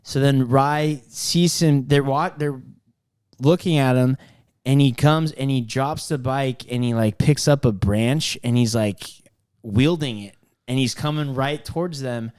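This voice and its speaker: Smooth-voiced man telling a rambling story. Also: medium pitch, unhurried, darkish tone. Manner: rambling, many fillers and restarts. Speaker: podcast co-host. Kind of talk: casual storytelling.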